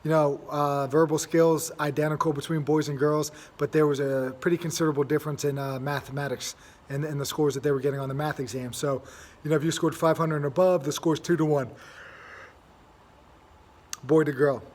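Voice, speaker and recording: A man's voice: on the high side, little pitch movement, fairly quick, darkish tone. A young man hosting a casual monologue, rambling with many fillers and restarts. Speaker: host.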